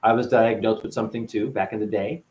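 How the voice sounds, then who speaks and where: A man's voice: lowish voice, fairly even intonation, quick pace, a little mellow, echoey room. A man hosting a spiritual talk show, rambling through a monologue full of rhetorical questions and playful asides.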